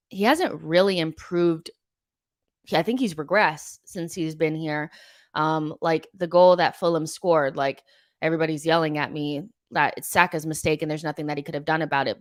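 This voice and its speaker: A woman's voice: low-pitched, dry recording, studio quality. A young woman hosting a live football fan show, chatting casually and reading out viewer comments, with lots of ums and likes and frank opinions.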